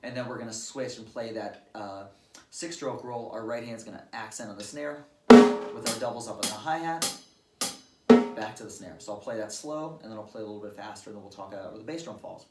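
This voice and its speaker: A man's voice: on the low side, fairly quick, loud music behind the voice. Man, drum teacher, patient explainer, casual fillers, echoey room, drums behind. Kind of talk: instructional drum lesson. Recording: roomy, distant-mic recording with drums. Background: drum kit played at times.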